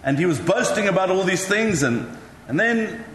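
High-voiced male preacher in an echoey hall. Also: very animated, normal speed, fairly bright tone, slight background noise. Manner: chatty, self-mocking storytelling. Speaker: pastor. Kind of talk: sermon. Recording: echoey hall with faint ambience.

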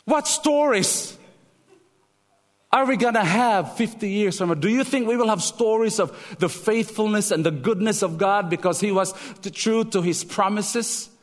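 A man preaching a sermon, animated and emphatic, repeating key lines. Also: high voice, moderate pace, big-room sound. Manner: animated storytelling, emphatic repetition.

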